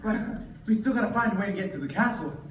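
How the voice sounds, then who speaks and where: A performer playing a gentle, worried tin man on a school stage, soft-hearted and anxious. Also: mid-range voice, animated, fast, a little hiss or hum, close to an everyday voice. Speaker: stage actor in a school musical. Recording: distant phone recording in an echoey auditorium with music.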